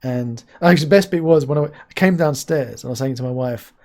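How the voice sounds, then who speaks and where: Excitable man chatting on a live stream. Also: fast, few pauses. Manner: excitable, laughs often, jumps into sudden high yelps. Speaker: streamer host. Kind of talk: casual live-stream chat.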